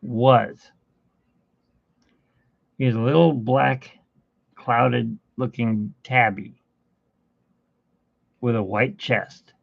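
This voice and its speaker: Slow, gravelly-voiced man chatting casually. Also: medium pitch, fairly even intonation, dry recording, phone-quality sound. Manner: rambling, chatty, talks fondly to his cat. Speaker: artist streaming a painting session. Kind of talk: casual livestream chat. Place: home studio.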